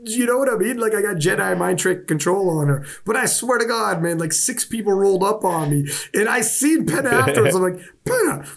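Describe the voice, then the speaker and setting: A man's voice: sits high, fairly quick, vocal fry, hardly any pauses. A man co-hosting a casual sports podcast, telling stories with lots of swearing and acted-out quotes. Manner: animated storytelling with profanity and voiced quotes. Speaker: podcast co-host.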